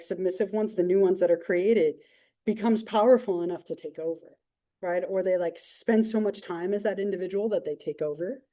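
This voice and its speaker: A woman teaching a psychology class, telling a story in a casual, animated way full of fillers. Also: mid-range voice. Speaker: psychology instructor. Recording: roomy classroom mic from far off.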